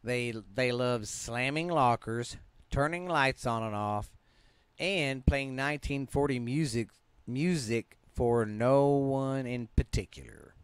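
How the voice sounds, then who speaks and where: Slow and clear, his medium-pitched voice has a resonant tone and no room sound. The Southern-accented man hosts a podcast where he reads ghost stories aloud offhandedly, often fumbling and restarting words as if half-yawning.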